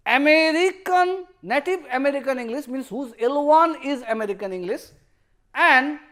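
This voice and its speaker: A middle-aged male professor from a Bengali-speaking background, speaking English with a Bengali accent in a university lecture, often restarting and repeating phrases. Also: extremely high pitch.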